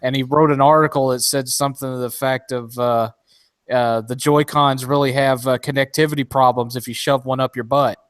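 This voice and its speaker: A man explains his view in a loose, rambling podcast chat, full of restarts and fillers. His voice sits at a middling pitch. The sound is dry and close to the mic. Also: steady tone, brisk, clean tone, dry recording.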